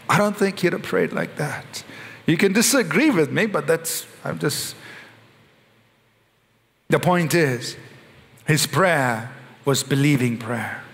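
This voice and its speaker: A male pastor preaching a sermon in an animated way, slowing down and rising in pitch when he recites prayers. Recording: long hall reverb.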